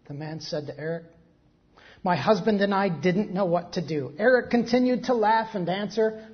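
A pastor preaching, reading a story slowly and then breaking into quick, joking asides. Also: medium pitch. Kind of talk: sermon with a story read aloud. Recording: dull lo-fi recording.

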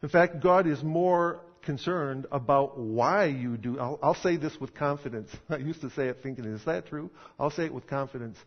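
A man's voice: mid-range voice, normal speed, hardly any pauses. A man preaching a sermon in a conversational, emphatic style with rhetorical questions. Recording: dull sound in a reverberant hall.

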